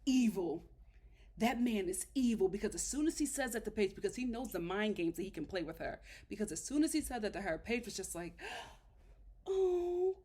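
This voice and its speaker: A woman's voice: mid-range voice, expressive, fairly quick, darkish tone. A woman reviewing a reality show in casual commentary, sassy and emphatic as she talks the episode through.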